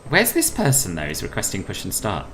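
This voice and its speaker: A man's voice: lowish voice, huge pitch swings, a little fast, background noise. A man from the UK streaming a flight simulator, chatting playfully with viewers and reading out radio calls. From United Kingdom. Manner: chatty and playful, laughs often, calls people boss.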